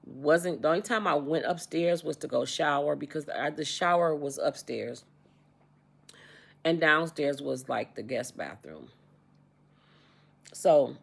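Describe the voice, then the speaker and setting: A woman's voice: low-pitched, gravelly, husky. A woman in her sixties telling a personal story in a casual vlog, repeating herself and acting out quoted dialogue. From United States. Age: 60s. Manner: repetitive, animated retelling with quoted dialogue. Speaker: vlogger.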